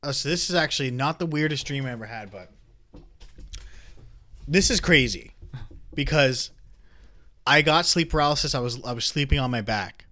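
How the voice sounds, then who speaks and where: A young man with a bright, forward voice chats casually on a podcast. He tells his story in a loose, rambling way, full of "like" and restarts, and often lets his voice drop low and quiet. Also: normal speed, pauses often. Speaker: podcast co-host. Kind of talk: casual chat.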